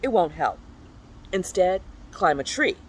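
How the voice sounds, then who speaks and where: A storyteller reading a children's picture book aloud in a playful, animated way, sometimes breaking into high squeaky exclamations. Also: unhurried, a little hiss or hum, rough recording.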